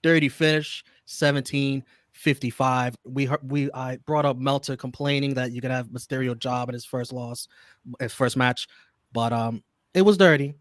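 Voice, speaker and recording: A man's voice: mid-range voice, steady tone, normal speed, no echo, clean studio sound. A man co-hosting a wrestling podcast, reading out match notes and star ratings with wry asides. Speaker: podcast co-host. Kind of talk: casual wrestling match recap.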